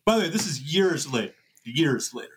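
Podcast host, male, slightly high voice, rambling and self-mocking. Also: very animated, fairly quick, a little hiss or hum. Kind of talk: casual chat.

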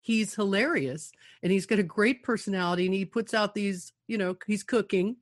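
Animated woman telling a story, dry sound. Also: medium pitch, normal speed, no room sound. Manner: animated storytelling, laughs often. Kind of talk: casual radio talk.

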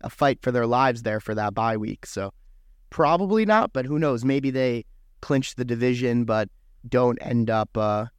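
A young man co-hosting a sports podcast, relaxed and wry, often hedging his hopes. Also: mid-range voice, unhurried, clean tone, dry recording, clean studio sound. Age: young adult. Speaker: podcast co-host. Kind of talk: casual sports podcast chat.

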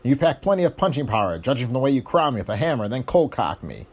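A tough, wisecracking private eye from a pulp story, as a man narrating puts him on. He throws out sardonic, cocky jabs in a husky voice whose pitch swings in a lively way. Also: fast.

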